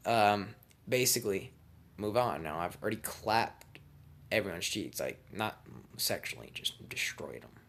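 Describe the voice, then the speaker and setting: A man tells a boastful, swear-filled comedic story in a casual, offhand way. His voice sits low, but his pitch swings widely from line to line. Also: expressive, moderate pace, fairly bright tone. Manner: profane, boastful, joking.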